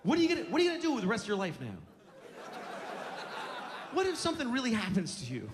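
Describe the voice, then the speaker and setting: A man's voice: high voice, sing-song, fast, slight background noise. A male stand-up comedian delivering a profane, sarcastic rant that builds into mock outrage, recorded live at a show. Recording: live club with audience laughter. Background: audience laughing.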